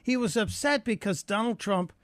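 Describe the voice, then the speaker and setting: A man's voice: sits high, normal speed, dry recording. A man filling in as a radio talk show host, telling joking anecdotes in a chatty monologue from a studio microphone.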